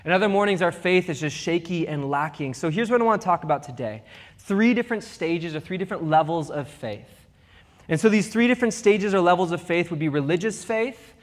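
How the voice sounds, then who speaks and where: A young man preaching a sermon as pastor, with animated, humorous storytelling. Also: high-pitched. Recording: long reverb of a big hall.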